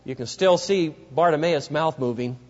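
Preacher guy telling a story in a sermon, high voice that swings all over, echoey church hall. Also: normal speed. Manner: vivid dramatic storytelling, addresses the listeners directly. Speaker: pastor. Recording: dull lo-fi recording with long hall reverb.

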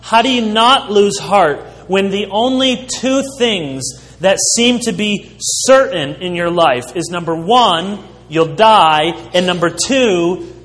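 Slow, emphatic preaching man in a reverberant hall. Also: sits high, a bit bright. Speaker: pastor. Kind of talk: sermon.

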